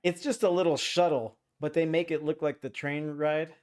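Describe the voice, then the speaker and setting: A man co-hosting a casual movie chat, relaxed and chatty, swearing now and then. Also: fairly high pitch, normal speed. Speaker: podcast co-host.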